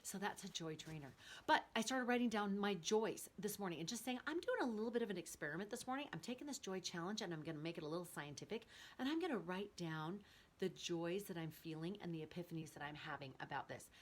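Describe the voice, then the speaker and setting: A middle-aged woman host telling personal stories in a casual, earnest and animated way. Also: lowish voice, quick pace. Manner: earnest, animated storytelling with rising excitement.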